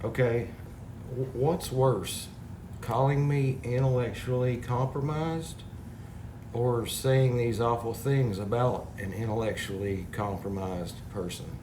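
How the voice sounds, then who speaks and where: A man rambles to his viewers in an exasperated, casual way, reading out comments. His voice sits at an ordinary pitch. The room is echoey, with clear noise behind him. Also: fairly even intonation, slow pace. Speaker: parody video maker. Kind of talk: casual complaint to camera.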